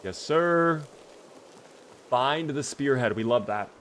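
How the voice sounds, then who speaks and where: Male streamer, mid-pitched, chatty running commentary with sudden outbursts, faint ambience behind. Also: slow pace, a little hiss or hum. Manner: chatty, talks to chat, bursts of excitement. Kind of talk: live game commentary.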